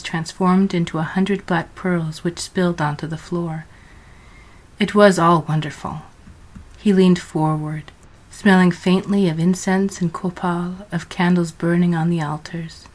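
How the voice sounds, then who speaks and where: A woman reading a story aloud as narrator in a measured, scripted storytelling manner. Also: on the low side, fairly even intonation.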